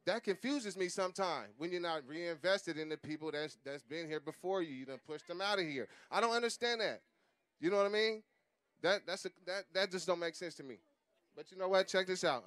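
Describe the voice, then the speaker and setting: A man's voice: on the high side, a bit bright. Man talking street-style at a rally. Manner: conversational, repeats "you know what I mean". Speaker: rally speaker.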